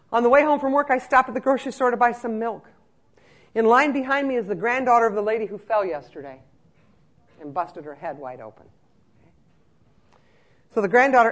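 A trainer giving a lively, joking talk to care-home staff, acting out scenes as they speak. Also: mid-range voice.

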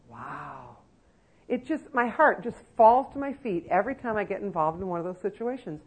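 A woman's voice: mid-range voice, very animated, normal speed, husky, low-quality recording. A woman giving a lecture to nursing-home staff, emphatic and conversational, with many rhetorical questions. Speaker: elder-care trainer.

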